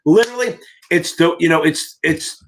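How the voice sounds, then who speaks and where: A man's voice: fairly high pitch, moderate pace, a bit bright. A man hosting a live exam-prep Q&A, giving blunt, profane, fired-up coaching in a casual livestream way.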